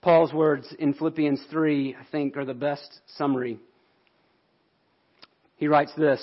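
A man's voice: a little high, steady tone, measured pace, pauses often, muffled recording. A man pastor delivering a sermon in an earnest, explanatory way.

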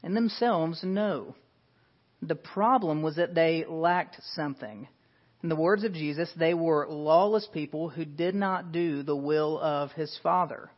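A man preaching a sermon in an earnest, emphatic way, asking his listeners questions. His voice sits a little high for a man. The recording has a dull, lo-fi sound. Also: a little slow. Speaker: pastor.

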